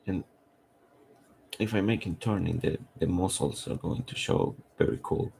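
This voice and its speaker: A man, a comic artist who is losing his voice, thinking aloud in halting, rambling commentary while he draws on a live stream. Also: deep voice, vocal fry, a little mellow, a little hiss or hum.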